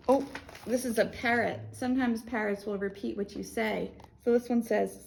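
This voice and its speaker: A woman's voice: fairly high pitch, measured pace, gravelly, pauses often, darkish tone. An American woman working as a children's librarian, reading a picture book aloud and acting out animal sounds in a playful way.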